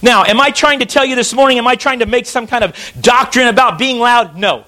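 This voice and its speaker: A man's voice: extremely high pitch, brisk, pushed and bright, poor audio. A man preaching a sermon in church, reading scripture aloud and pressing his points with emphatic restarts. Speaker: pastor.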